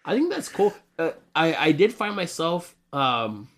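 A man in his twenties co-hosting a casual podcast chat, rambling and animated, often laughing. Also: fairly high pitch, a little slow. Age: 20s. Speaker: podcast co-host.

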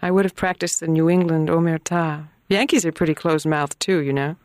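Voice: mid-range voice, steady tone, fairly quick, no room sound, close to an everyday voice. A performer voicing an earnest young woman schoolteacher who presses with direct questions. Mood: earnest, curious. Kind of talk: dramatized audiobook reading.

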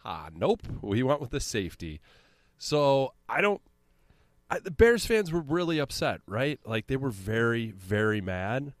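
A man co-hosting a sports podcast in a laid-back, chuckling way. His voice sits in an ordinary middle pitch, and it comes across dry and close to the mic. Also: sing-song, unhurried, no echo. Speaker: podcast co-host. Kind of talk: casual sports chat.

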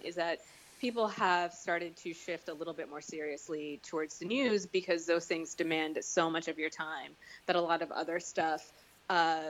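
A woman's voice: sits low, fairly bright tone. Blunt, teasing woman in casual chat. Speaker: podcast co-host.

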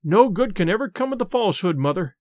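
A composed young woman speaks plainly and firmly, voiced by a male reader. The voice sits fairly high with lively movement, recorded dry and close. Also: quick pace, dry recording. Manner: calm, clear, firm. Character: calm, firm young woman, the daughter.

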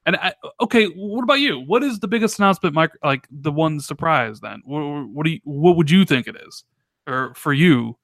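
A man co-hosting a casual gaming podcast, talking in an animated, rambling way full of restarts and fillers. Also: a little high, brisk, no room sound, studio quality. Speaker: podcast co-host.

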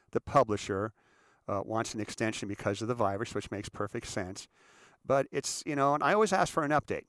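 A man, an author answering questions, telling a long story in a lively casual way with frequent repeated words and asides. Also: medium pitch, no echo.

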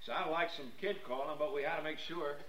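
A man's voice: a little high, brisk, a bit bright, echoey room, a little hiss or hum, lightly acted, rough recording. A man playing a polite, businesslike police officer in a 1940s radio drama. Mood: apologetic.

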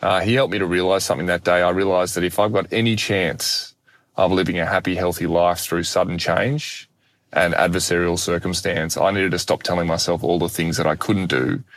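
A young man, an animated, self-deprecating guest telling a personal story in conversation. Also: deep voice, brisk, dry recording. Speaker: guest speaker.

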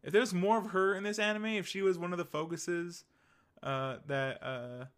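A high-pitched young man with a steady, fairly bright tone speaks at a moderate pace as a podcast co-host. Hiccups keep interrupting his rambling, eager casual chat, which is packed with fillers and restarts.

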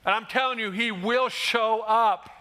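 A man preaching a sermon, animated and emphatic, acting out quoted voices and rising to shouts. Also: sits high, unhurried, a little hiss or hum. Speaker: pastor.

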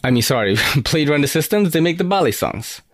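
A man's voice: fairly high pitch, sing-song, a little fast, no room sound, clean studio sound. A young man casually reviewing knives on his podcast, laid-back and swearing often. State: slightly out of breath. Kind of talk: casual knife review chat.

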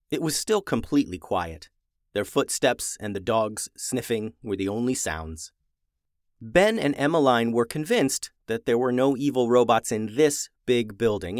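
A man reading a children's story aloud, expressive and animated. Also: medium pitch, dry recording, clean studio sound. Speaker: narrator.

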